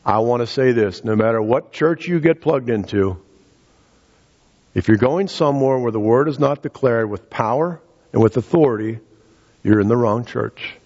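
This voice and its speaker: A man preaching a sermon as pastor, earnest, repeating words and rising in pitch for emphasis. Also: normal speed, a little mellow, lo-fi sound.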